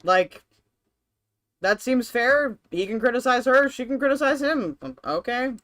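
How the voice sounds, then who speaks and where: A woman's voice: a little high, animated, measured pace, fairly bright tone. A woman streamer reacting on a live stream, blunt, profane and sarcastic.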